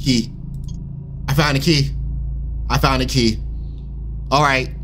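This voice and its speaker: A young man giving animated, slangy let's-play commentary on a horror game, swearing and yelping when startled. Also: medium pitch, slow pace, slight background noise. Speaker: gaming YouTuber.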